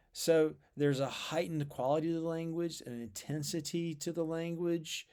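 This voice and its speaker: A man in the middle of his pitch range gives an explanatory talk about poetry. He sounds thoughtful and measured. He pauses on fillers and repeats words as he works out his points. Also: darkish tone. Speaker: literature lecturer.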